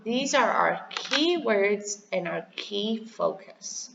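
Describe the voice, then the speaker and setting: A woman teacher slowly giving a review lesson to young pupils, spelling each word letter by letter and asking them to repeat. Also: mid-range voice, animated, lo-fi sound, noisy background. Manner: slow, clearly spelled out, letter by letter; encouraging, asks to repeat words. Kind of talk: recorded classroom review lesson. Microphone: computer microphone over slides.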